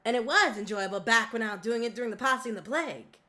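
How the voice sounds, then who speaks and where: A woman voicing a sharp-witted country woman, deepening her voice into a put-on Southern US country drawl. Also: animated, fast talker. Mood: relaxed.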